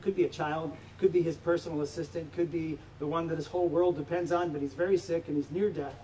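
A man's voice: fairly high pitch, steady tone, fast, warm tone. A man pastor preaching a sermon to his church, emphatic, with rhetorical questions. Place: church sanctuary. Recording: distant mic with faint background noise.

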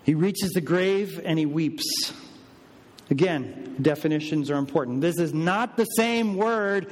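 A man preaching a sermon with emphatic delivery, rising for stress and dropping low for weight. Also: measured pace, big-room sound. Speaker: pastor.

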